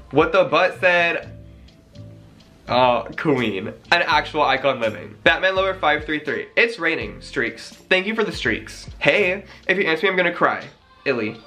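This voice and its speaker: Brief: young male vlogger, bright lively voice, gushing and dramatic, faint music under. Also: a little high. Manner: gushing, dramatic, quick gasps and sighs. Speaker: vlogger reading fan messages. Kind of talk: casual chat.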